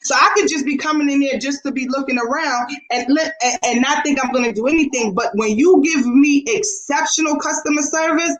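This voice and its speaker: A woman's voice: high-pitched, a little fast, few pauses, roomy sound, poor audio. A woman co-hosting a casual talk show, telling a story animatedly and acting out the dialogue. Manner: animated, acts out quoted dialogue.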